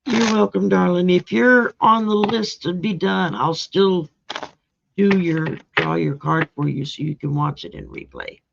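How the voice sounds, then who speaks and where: Here a female card reader runs a relaxed oracle reading on her live stream, calling out viewers by name and laughing often. She speaks a little slowly in a fairly low voice with vocal fry. Background noise sits under the dull, lo-fi stream sound.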